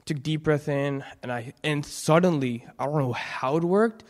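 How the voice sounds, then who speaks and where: A young man giving an earnest, halting personal testimony in church, full of restarts. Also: fairly high pitch. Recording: long hall reverb.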